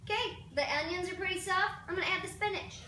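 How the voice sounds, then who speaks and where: Chatty self-deprecating woman cooking at home, high voice, noisy echoey kitchen. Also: steady tone, fast. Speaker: cooking show host. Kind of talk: casual cooking demo. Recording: roomy, distant, noisy kitchen recording.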